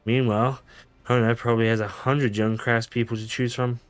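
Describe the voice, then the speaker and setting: A man's voice: mid-range voice, flat delivery, normal speed, dry recording, soft background music. A man streaming a game, reading the dialogue aloud with frequent stumbles, self-corrections and laughs. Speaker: gaming streamer.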